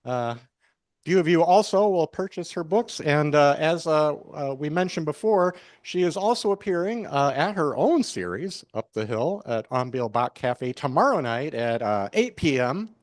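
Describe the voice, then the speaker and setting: A man hosting a cafe open mic, making announcements with lots of halting fillers. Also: on the high side, very animated, no echo, clean studio sound. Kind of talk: event announcements. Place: small cafe.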